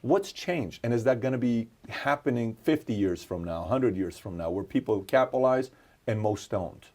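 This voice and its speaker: A man's voice: mid-range voice, animated, moderate pace, a little mellow. A man interviewing a guest, agreeable, asking long rambling questions.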